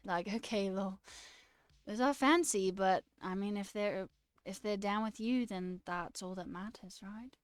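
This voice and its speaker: A woman's voice: medium pitch, a little slow, smooth, no echo, clean studio sound. A woman streaming casually, reading her chat aloud and chatting back, laughing often. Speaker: livestreamer and new software engineer.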